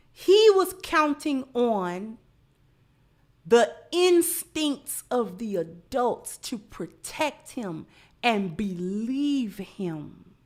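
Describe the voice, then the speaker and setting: A woman giving livestream commentary, lecturing through repeated rhetorical questions. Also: a little high. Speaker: online commentator.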